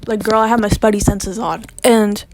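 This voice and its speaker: Speaking at a moderate pace in a steady, mid-range voice, a young woman vlogger chats through a personal story, leaning heavily on "like." She slips into whispers whenever she recalls panicking. There's no room sound.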